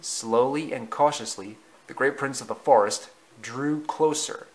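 A man narrating a storybook slowly and deliberately, with small slips in the reading. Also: mid-range voice, a little hiss or hum, rough recording.

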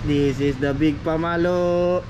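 A man's voice: on the high side, steady tone, measured pace, muffled recording. A father filming his child, playfully cheering and coaxing them on in a casual home video. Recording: outdoor noise in background.

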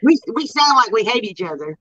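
A woman's voice: a little high, very animated, fairly quick, dull audio, a crowd in the background. A woman chatting casually as a YouTube host, blunt and joking, laughing often. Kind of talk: casual chat.

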